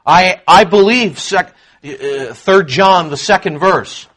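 A man preaching a sermon to a congregation, emphatic, swinging between quiet asides and loud proclamation. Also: high-pitched, slow. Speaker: pastor.

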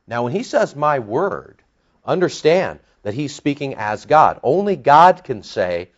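Animated older man preaching a sermon. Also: mid-range voice, normal speed, dull audio. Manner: animated, conversational preaching with frequent restarts. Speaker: pastor.

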